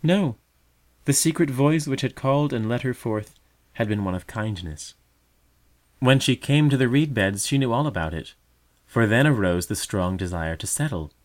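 A man narrating a storybook tale in a measured, gentle read. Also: medium pitch, expressive.

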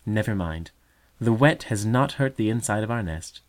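A man voicing a gentle, hopeful mother songbird in a storybook, tender and earnest, his voice lifted well above his own. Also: on the low side, lively intonation, moderate pace, natural voice. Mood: soothing.

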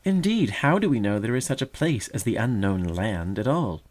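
A man's voice: fairly low pitch, lively intonation, normal speed, darkish tone. A man doing a stubborn doubting fledgling. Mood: scoffing. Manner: scoffing, agitated, anguished. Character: young doubting brother bird, stubborn.

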